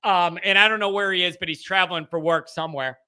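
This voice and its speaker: Bright, high-voiced talk show host. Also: male voice, quick pace, clear, resonant tone. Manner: animated, rambling, chuckling. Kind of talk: live call-in show chat.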